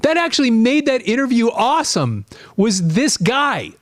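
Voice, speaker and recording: A man in his late fifties hosting a live stream, chatting casually in a rambling, animated way while reading out viewer comments. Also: very high voice, moderate pace, no echo, clean studio sound. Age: 50s.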